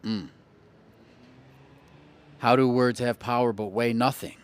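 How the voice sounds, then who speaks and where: A man's voice: medium pitch, big pitch swings, a little slow, long pauses. A man hosting an astrology livestream in casual chat, playful and teasing with viewers, often repeating phrases for effect.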